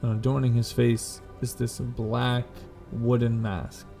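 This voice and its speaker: A man acting as game master runs a tabletop game, narrating every scene slowly and in careful detail. His mid-pitched voice is creaky and mellow with little pitch movement, and he pauses often, uses fillers, and corrects himself. Faint music plays behind him.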